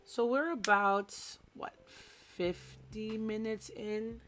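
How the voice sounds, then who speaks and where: A young woman who teaches small children, chatting casually and telling an animated story while she does a craft on a live stream. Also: mid-range voice, takes it slowly. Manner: animated storytelling, mimics voices, chatty asides. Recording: soft background music.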